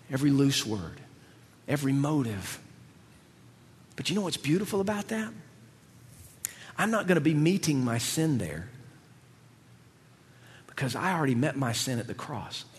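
Brief: lively, slangy male preacher, somewhat high voice, echoey church hall. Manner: animated, casual, slangy asides. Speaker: pastor. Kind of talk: sermon.

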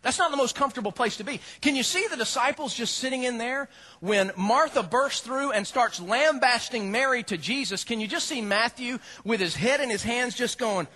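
A male pastor preaching a sermon, animated and humorous as he tells the story. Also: very high voice, moderate pace.

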